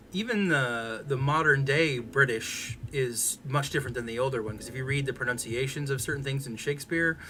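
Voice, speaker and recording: A man's voice: mid-range voice, bright, forceful tone. A man chatting casually on a stream, rambling with many fillers and restarts. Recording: music playing behind.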